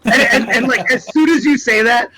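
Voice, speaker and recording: A man playing a tabletop game, excitable and swearing, slipping in and out of character. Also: very high voice, moderate pace, crowd noise, poor audio. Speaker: player. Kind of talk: tabletop role-play banter.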